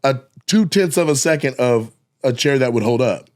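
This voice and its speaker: A man co-hosting a podcast, telling a profane, animated story and acting out scenes with sound effects. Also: medium pitch, moderate pace. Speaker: podcast co-host, comedian. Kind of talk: casual storytelling chat.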